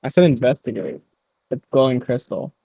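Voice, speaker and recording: A man playing in an online tabletop game, describing his character's moves in a halting way and circling back over words. His voice is medium in pitch and plain. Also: creaky, mellow, no echo. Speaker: player. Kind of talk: casual online game chat.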